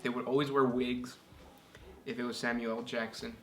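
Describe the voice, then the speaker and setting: A man's voice: medium pitch, level tone, moderate pace. Easygoing man reading questions, echoey room. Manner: easygoing, many "um" and "yeah" fillers. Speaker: podcast co-host reading listener questions. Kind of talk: casual chat. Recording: echoey room with faint noise.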